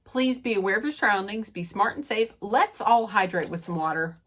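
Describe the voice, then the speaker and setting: A woman's voice: medium pitch, brisk, a bit bright. Chatty, stuffy-nosed woman recapping reality TV. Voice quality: nasal. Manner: chatty, rambling with many fillers and restarts. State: stuffy, draining sinuses. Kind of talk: casual recap and rant.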